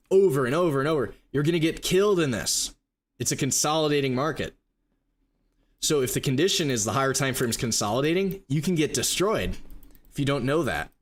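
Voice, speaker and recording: A man teaching trading live, walking through charts and rapidly acting out a confused trader's thoughts. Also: medium pitch, a bit bright. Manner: rapid, emphatic explaining with mock inner voices. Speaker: trading educator. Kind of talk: live stream chart walkthrough.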